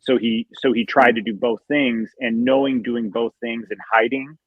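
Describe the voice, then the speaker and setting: A man's voice: medium pitch, fairly even intonation, moderate pace, husky, no echo. Musing man on a dry, muffled stream. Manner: thoughtful, speculative, restarts often. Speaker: co-host. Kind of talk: casual fan chat on a live show.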